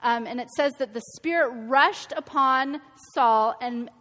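A woman's voice: sits high, a little slow, fairly bright tone. A woman giving an earnest, conversational Bible teaching, correcting her own slips. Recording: long hall reverb.

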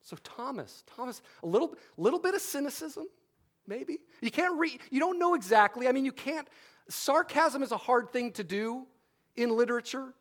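A man's voice: extremely high pitch, lively intonation, normal speed. A man preaching a sermon, repeating key phrases for emphasis and adding wry humorous asides.

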